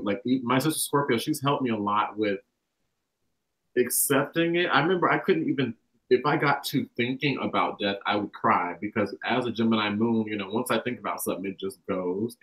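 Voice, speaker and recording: A man's voice: on the low side, rough recording. Rambling young man from the South. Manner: rambling, animated, acts out quotes. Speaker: guest. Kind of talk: casual spiritual conversation.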